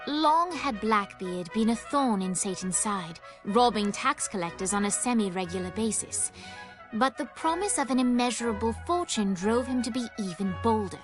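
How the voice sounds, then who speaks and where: A woman's voice: fairly high pitch, animated, normal speed, lightly acted. A woman giving scripted narration for a video game in a dry, storybook manner. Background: game music.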